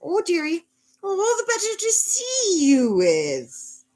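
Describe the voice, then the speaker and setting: Brief: a woman puts on the big bad wolf faking a sweet old granny, very high and drawn-out, a bit distant from the mic. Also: huge pitch swings, a little mellow, exaggerated voice. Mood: sugary. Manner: high, slow, sugary granny voice.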